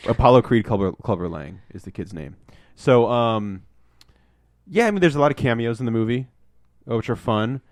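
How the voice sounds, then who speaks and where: A man's voice: mid-range voice, lively intonation, moderate pace, no echo, studio quality. A man casually chatting as a podcast co-host, rambling with lots of ums and acting out movie lines. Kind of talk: casual chat, movie review.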